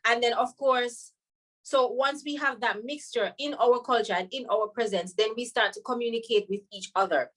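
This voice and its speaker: A woman with a Jamaican accent from Jamaica, a podcast guest talking in a lively way and laughing often. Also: a little high, moderate pace. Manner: animated, laughs often, slips into patois when quoting. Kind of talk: podcast conversation.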